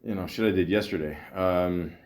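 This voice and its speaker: Hosting his podcast, a man in his forties wanders through a loose, swear-laden monologue, heavy on filler words and jokes at his own expense. He has a deep, darkish voice and speaks at an ordinary pace.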